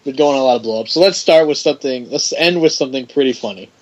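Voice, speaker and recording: A man's voice: mid-range voice, quick pace, low-quality recording. A man hosting a podcast in casual chat, blunt and jokey, steering the talk along. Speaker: podcast host.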